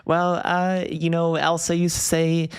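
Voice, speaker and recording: A man imitating his confused middle-aged mother in a high, halting voice. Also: completely flat delivery, smooth. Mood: puzzled. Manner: high squeaky halting voice, slow and unsure.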